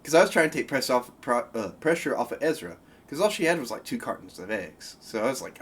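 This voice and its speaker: A man's voice: medium pitch, very animated, fast, hardly any pauses, breathy edge. A young man co-hosting a casual podcast, telling a rambling work story full of fillers and restarts and laughing often. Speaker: podcast co-host; grocery store worker telling a work story. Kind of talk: casual chat.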